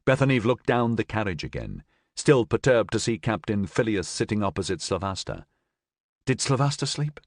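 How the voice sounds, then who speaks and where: A male audiobook narrator reading science fiction with expressive, lively delivery. His voice sits low and comes across dry and close to the mic. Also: a little fast, no room sound. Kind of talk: scripted narration.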